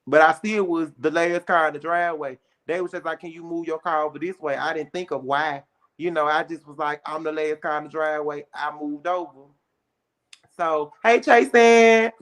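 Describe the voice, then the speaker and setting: A young adult woman, a guest on a casual chat show, telling a story in an animated way with plenty of slang. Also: sits low, moderate pace.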